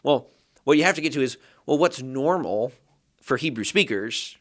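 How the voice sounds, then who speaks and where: A man's voice: mid-range voice, expressive, moderate pace, fairly bright tone. A man who teaches Hebrew, a guest on a podcast, explaining his ideas thoughtfully and building them up step by step. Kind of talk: explanatory interview talk.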